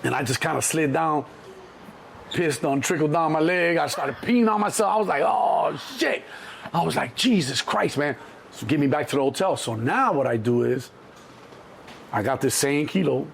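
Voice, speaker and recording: A middle-aged man, telling stories as an interview guest in a lively, profane way and acting out other people's voices. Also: normal speed, vocal fry, a little hiss or hum. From Chicago. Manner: animated, acts out other people's voices in a higher pitch, profane. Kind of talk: storytelling in an interview.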